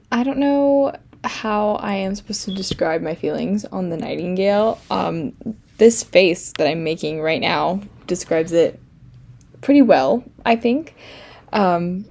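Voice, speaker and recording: A woman's voice: mid-range voice, lively intonation, slow pace, gravelly, darkish tone. A young woman from France chatting casually about a book she loved, with many fillers and repeated words. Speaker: book vlogger. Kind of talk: casual vlog talk.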